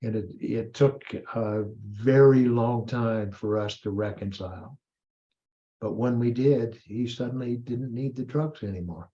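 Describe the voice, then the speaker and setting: A man in his seventies, a priest and retired army colonel, speaking as an interview guest in a thoughtful, halting way with pauses and self-corrections. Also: mid-range voice, dark tone, lo-fi sound. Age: 70s. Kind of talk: reflective interview talk.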